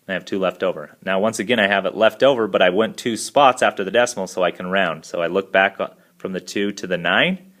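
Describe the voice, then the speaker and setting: Male math teacher, deep voice, calm step-by-step voice-over for a lesson video. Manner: steady step-by-step explaining.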